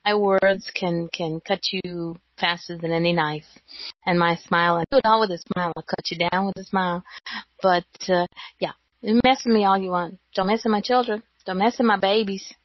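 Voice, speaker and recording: Female co-host, mid-pitched chatty voice, hesitant with fillers, dry muffled recording. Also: steady tone, normal speed, dry recording. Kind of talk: casual chat. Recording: dry, dull lo-fi sound.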